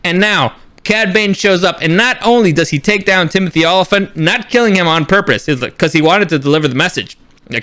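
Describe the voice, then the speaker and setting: A man with a high voice and a sharp, bright tone reviews a show in a casual, excited monologue. He swears freely and slips into quick paraphrased dialogue to act out what happens on screen. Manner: animated fan enthusiasm.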